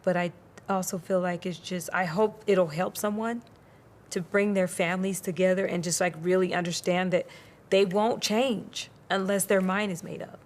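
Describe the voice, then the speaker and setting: A woman's voice: lowish voice, steady tone, normal speed. A woman speaking earnestly in a talk-show conversation, often trailing off mid-thought. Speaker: reality show cast member.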